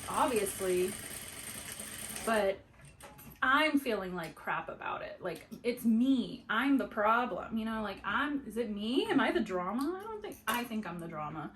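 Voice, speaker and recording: Woman, young adult, middle pitch, casual sewing vlog, animated, filler-heavy chat, faint background hiss. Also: a little slow, poor audio. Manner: animated storytelling, full of "like" fillers. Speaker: sewing vlogger. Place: at home at a sewing table.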